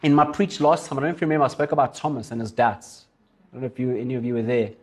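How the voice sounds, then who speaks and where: A man's voice: medium pitch, very fast. A man preaching, telling stories animatedly and acting out the people in them. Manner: animated, acts out voices in his stories. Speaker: pastor. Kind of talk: storytelling sermon.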